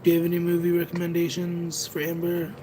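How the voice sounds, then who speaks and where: A man's voice: a little high, completely flat delivery, fast talker, mellow, a little hiss or hum. Rambling, self-conscious male livestreamer. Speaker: livestreamer and tarot reader. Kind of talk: casual livestream chat, answering viewers. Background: music playing in the background.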